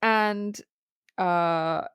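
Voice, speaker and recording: A woman's voice: medium pitch, fairly even intonation, drawn-out words, a bit bright, clean tone, no room sound, clean studio sound. A woman co-hosting a podcast, casually retelling movie scenes with laughs and acted-out quotes. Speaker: podcast co-host. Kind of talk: casual movie review chat.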